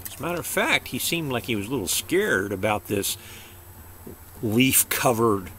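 A man's voice: mid-range voice, vocal fry, fairly bright tone. An older man reading a children's story aloud in a chatty way, stopping to explain things.

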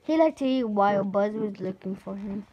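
A woman reading a children's picture book aloud, slowly and carefully, sometimes stumbling and restarting words. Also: mid-range voice, lively intonation, muffled recording, a little hiss or hum. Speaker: storybook reader.

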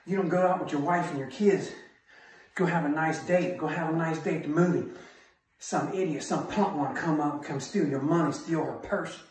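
A self-defense instructor delivers a training talk in short, barked, punchy phrases with heavy emphasis. His voice is a little high and darkish, at a normal pace. He's recorded far from the mic in a very echoey room.

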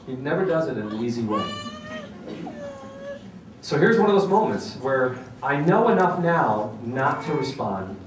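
A middle-aged man giving a seminar talk, telling a story in an animated, self-mocking way. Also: medium pitch, unhurried, a little hiss or hum. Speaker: parenting seminar speaker. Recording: echoey hall from far off.

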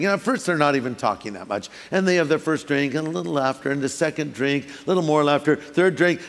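High-voiced pastor preaching in a hall. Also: male voice. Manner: animated storytelling, acting out quick voices for effect. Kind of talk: sermon. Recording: long reverb of a large hall.

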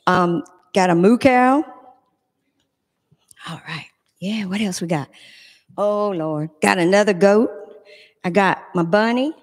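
Lady doing the kids' sermon, lively and playful, reverby church hall. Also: medium pitch. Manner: animated, playful storytelling to children. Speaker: children's message leader. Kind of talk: children's sermon. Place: church sanctuary.

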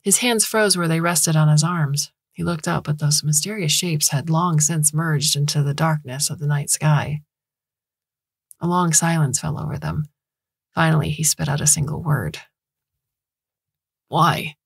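A woman narrating a science fiction story in a measured, even reading voice. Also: low voice, vocal fry, breathy edge, no room sound, clean studio sound. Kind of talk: scripted narration.

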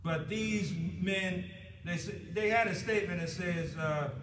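A man's voice: high voice, fairly bright tone, a little hiss or hum. Preaching man in an echoey church. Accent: American. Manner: preaching with rising emphasis and slow drawn-out stresses. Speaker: pastor. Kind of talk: sermon. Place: church sanctuary. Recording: echoey church from a distant mic.

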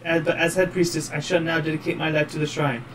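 A man's voice: fairly high pitch, level tone, fast, fairly bright tone, recorded from a distance, slight background noise, natural voice, rough recording. A man voicing an earnest young female princess and priestess.

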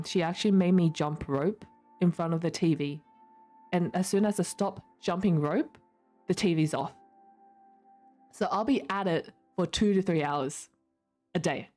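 A young woman, chatting easily with her stream while she plays. Her voice sits a little low, she laughs often, and faint music plays behind her. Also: darkish tone. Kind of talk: casual chat while gaming.

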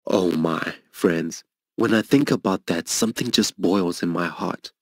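A man's voice: a little slow, dry recording. Earnest man preaching a personal story. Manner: earnest, emotional storytelling, voicing others' lines higher. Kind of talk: sermon testimony storytelling.

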